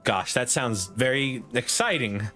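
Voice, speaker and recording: A man's voice: mid-range voice, expressive, a little slow, sharp tone, soft background music. A man voicing a polite, earnest young boy king.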